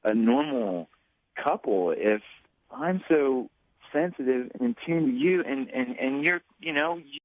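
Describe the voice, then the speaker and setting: A man calling in to a radio show, talking haltingly with many restarts. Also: medium pitch, lively intonation, dry recording, narrow, tinny audio. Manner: halting, hesitant, lots of restarts. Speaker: caller. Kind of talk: casual radio phone call.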